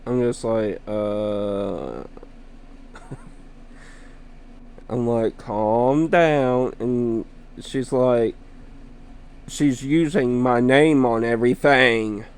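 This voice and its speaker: Young guy rambling slow about gaming drama, smooth clear voice, chuckles here and there. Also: medium pitch. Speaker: gamer vlogger. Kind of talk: casual rambling chat.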